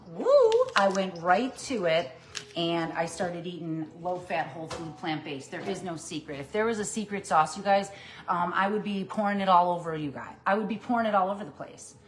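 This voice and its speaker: A woman coaching viewers on plant-based eating in a casual cooking livestream, upbeat and chatty while she chops and cooks in a kitchen. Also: on the low side. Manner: upbeat and chatty, addresses viewers as "you guys"; talks while chopping and cooking.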